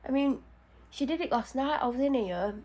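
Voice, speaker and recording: A woman's voice: high-pitched, lively intonation, normal speed, a little mellow. A woman chatting casually at home while doing her skin care, anxious and out of breath. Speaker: vlogger. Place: home bedroom.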